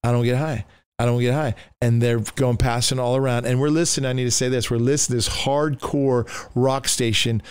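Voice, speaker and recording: Pastor, male, animated storyteller; smooth, resonant, close and dry. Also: medium pitch, no room sound. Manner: animated, acts out voices, many restarts. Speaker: pastor telling his testimony as a guest. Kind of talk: storytelling testimony.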